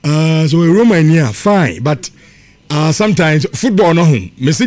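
Lively Ghanaian radio host, high voice. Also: male voice, normal speed. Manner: lively, reads listener messages. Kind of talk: radio sports talk in Twi and English.

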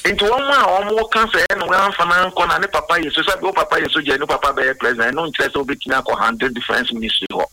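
A man's voice: a little high, quick pace, few pauses, sharp tone, dry recording, low-quality recording. A man who works as a researcher, talking earnestly in a radio discussion and mixing Twi with English.

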